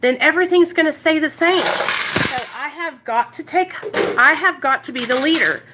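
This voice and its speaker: A woman's voice: high-pitched, normal speed, very noisy. A young woman, talking bluntly and emphatically in a casual motivational vlog, swearing and repeating herself for emphasis. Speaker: recovery vlogger.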